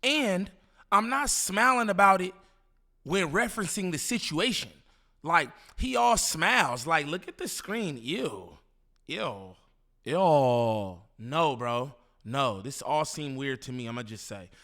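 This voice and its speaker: Casual male reaction host, slangy and disbelieving, slightly high pitch. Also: animated, measured pace, sharp tone. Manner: incredulous, slangy, repeats himself, laughs. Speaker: commentary host reacting to a clip.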